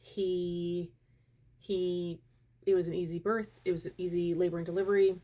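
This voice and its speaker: A woman in her thirties, talking straight to camera as a vlogger, in a casual storytelling voice. Her delivery is chatty and animated. She often breaks off mid-sentence and starts again. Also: lowish voice, moderate pace. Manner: chatty, animated, self-interrupting.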